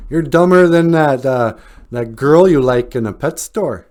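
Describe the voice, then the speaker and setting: A man's voice: medium pitch, measured pace, a little mellow, pitched above the performer's own voice, lightly acted. A man voicing an impatient male mob boss who scolds in a raised, exasperated voice.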